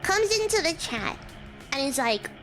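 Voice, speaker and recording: A woman's voice: high-pitched, big pitch swings, normal speed, a bit bright, soft background music. A young woman VTuber streamer chatting casually with her audience, telling stories with frequent giggles.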